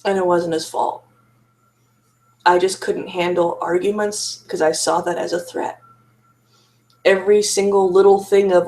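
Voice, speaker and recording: A woman's voice: medium pitch, flat delivery, measured pace, long pauses, darkish tone. A woman speaking candidly to camera about her marriage and therapy, frank and self-critical, laughing now and then and restarting her sentences. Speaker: survivor sharing her story. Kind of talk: candid personal monologue to camera.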